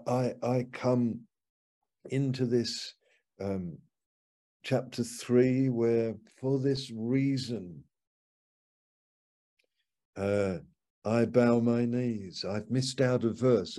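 A man's voice: medium pitch, drawn-out words, long pauses, warm tone. An older man giving an informal, conversational sermon from the upstairs lounge of a home, reading scripture aloud as he reflects. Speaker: preacher.

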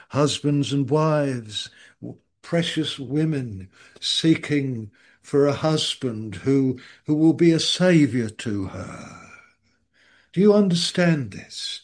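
A man preaching a sermon, halting and repeating his phrases for emphasis. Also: on the high side, darkish tone. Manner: halting and repetitive, with emphatic restatements.

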